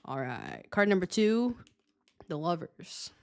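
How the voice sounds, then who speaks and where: Low voiced woman doing a tarot reading, chatty n blunt, swears a lot, dry sound. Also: very animated, slow pace, a little mellow, clear, resonant tone, dry recording. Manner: chatty, swears freely, laughs often. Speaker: tarot reader.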